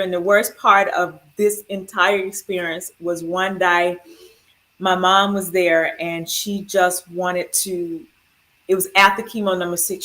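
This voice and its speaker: Heartfelt woman telling her story. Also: lowish voice. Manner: animated, heartfelt, acts out quotes. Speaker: breast cancer survivor, school administrator. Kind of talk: emotional personal storytelling.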